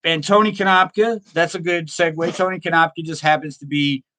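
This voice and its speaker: A middle-aged man hosts a casual horror show, wandering through a personal story and viewer comments at an easy, chatty pace. He laughs at his own tales. His voice sits a little high for a man. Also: fairly even intonation, fairly quick, sharp tone. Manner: rambling, self-amused, laughs often at own stories.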